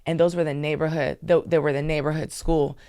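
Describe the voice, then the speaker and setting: Woman in her 30s from maryland, low gravelly voice, chatty animated storytelling in an interview. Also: fairly quick, dry recording. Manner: lively, animated storytelling with asides. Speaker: interview guest. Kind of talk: casual storytelling.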